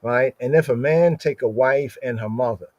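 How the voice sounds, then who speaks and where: A man teaching from scripture on a livestream, reading Hebrew verses slowly and explaining each word, asking "right?" after nearly every phrase. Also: medium pitch, a little mellow, highs cut off. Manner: explains Hebrew words aloud, repeats "right?" constantly; slows down to read Hebrew verses. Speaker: Bible teacher.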